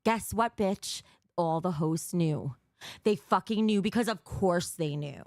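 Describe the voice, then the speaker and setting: A woman's voice: on the low side, unhurried, a little mellow, dry recording, clean studio sound. A young woman streaming live, talking bluntly and cursing as she reads out viewer donations, a little out of breath. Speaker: livestreamer. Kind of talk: casual livestream chat.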